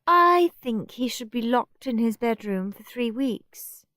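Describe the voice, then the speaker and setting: A woman's voice: fairly high pitch, animated, slow, a bit bright, dry recording, voice pushed up. A woman voicing a bossy, prim little girl who complains and gives orders.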